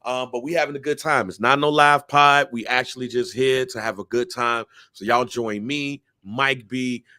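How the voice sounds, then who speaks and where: A man's voice: medium pitch, steady tone, normal speed, bright, forceful tone, no echo, studio quality. A man in his forties co-hosting a sports podcast in loose, joking chat, repeating words for emphasis. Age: 40s. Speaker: podcast co-host. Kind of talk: casual chat.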